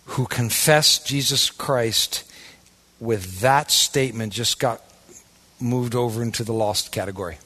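A man preaching a sermon in a casual, folksy way, swinging from loud, emphatic bursts to hushed asides. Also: mid-range voice, measured pace. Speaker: pastor.

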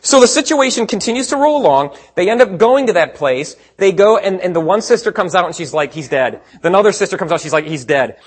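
A man preaching a sermon in a conversational way, asking rhetorical questions and swinging between quiet asides and emphatic points. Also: high-pitched. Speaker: pastor.

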